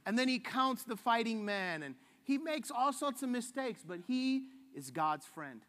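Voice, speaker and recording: A man's voice: very high voice, big pitch swings, unhurried, fairly bright tone, big-room sound. A man preaching a sermon in a casual, joking way, acting out the voices he quotes. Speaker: pastor.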